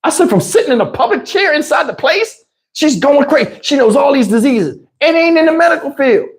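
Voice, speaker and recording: A man telling a comic story on a livestream in an animated, emphatic, slangy way, with lots of cursing, into a lapel mic. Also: extremely high pitch, brisk. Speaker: livestream host. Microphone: wireless lapel mic.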